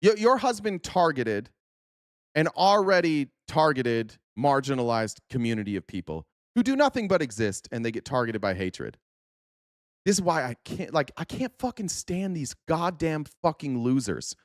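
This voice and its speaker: A man's voice: on the high side, very animated, normal speed, no room sound. Fiery American male host, cursing and mocking political foes, dry close sound. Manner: profane, angry, mocking. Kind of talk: livestream political rant.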